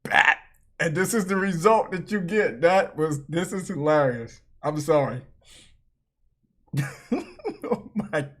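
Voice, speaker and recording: A woman hosting a reaction video, talking through clips with frequent laughter and loud exclamations. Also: deep voice, slow, pauses often. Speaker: channel host.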